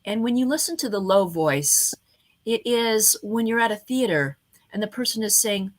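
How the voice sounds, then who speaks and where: A woman hosts an online event and gives a motivational lesson on communication. Her voice is bright and carries well, and she keeps changing her delivery, deliberately slowing her speech to land each point. She speaks straight into a webcam at her computer. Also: medium pitch. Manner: expressive, varies her voice often, slows down on purpose. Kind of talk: motivational talk on speaking skills.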